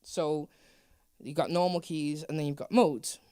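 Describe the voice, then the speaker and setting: A woman's voice: low-pitched, steady tone, measured pace, dark tone, no room sound. Young English woman, musician guest, playful and opinionated, dry studio sound. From England. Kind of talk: casual interview chat.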